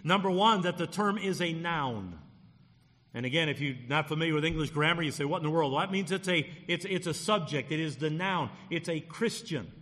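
Male pastor, bright and forceful tone, punchy emphasis on key words, long hall echo. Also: fairly high pitch, expressive, normal speed. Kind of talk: sermon.

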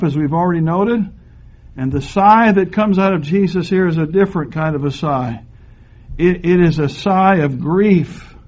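An older man preaching a sermon, reading scripture slowly and stressing key words with pauses. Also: a little high, darkish tone. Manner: slow, deliberate Bible reading with emphatic pauses. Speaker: pastor. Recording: dull lo-fi sermon recording.

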